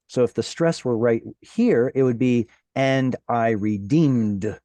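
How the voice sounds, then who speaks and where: A man's voice: mid-range voice, slow pace, warm tone, no echo. A man teaching a Hebrew class online, walking students through words and patiently asking them questions.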